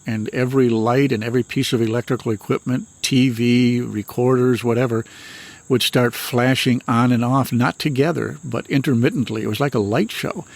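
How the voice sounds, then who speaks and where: Older man from Michigan, mid-pitched, retired minister recounting stories at an even, earnest pace. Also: gravelly. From Michigan, USA. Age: 60s. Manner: earnest, unhurried, matter-of-fact recounting. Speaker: retired minister and paranormal author. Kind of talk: personal storytelling in an interview.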